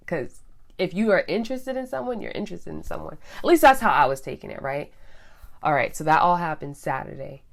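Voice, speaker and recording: A young woman vlogger telling a personal story in a chatty, animated way, talking straight to her viewers. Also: low-pitched, brisk, vocal fry. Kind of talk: casual storytelling.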